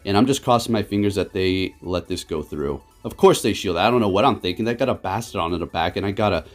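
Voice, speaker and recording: Excitable man calling his gameplay. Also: low-pitched, faint music behind. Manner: excitable, quick to rage and laugh. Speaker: gaming channel host. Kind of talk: live gameplay commentary.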